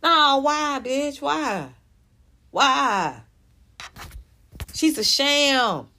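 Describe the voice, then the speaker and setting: A young woman tears into her subject in heated reaction commentary. Her voice sits fairly high, and her delivery is profane and scornful. She rants on in a mocking tone. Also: expressive, extremely slow, pushed and bright. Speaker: commentary vlogger.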